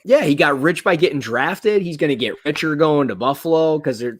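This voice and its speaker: A man hosting a sports podcast, talking in a rambling, excitable way with many restarts. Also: on the high side, fairly quick, no room sound, studio quality. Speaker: podcast host. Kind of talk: casual sports chat.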